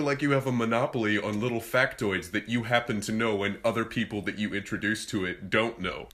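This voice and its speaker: A man's voice: fairly low pitch, normal speed, few pauses, a bit bright. A young man delivering a sarcastic, exasperated comedic rant and slipping into mocking voices. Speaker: comedy vine creator.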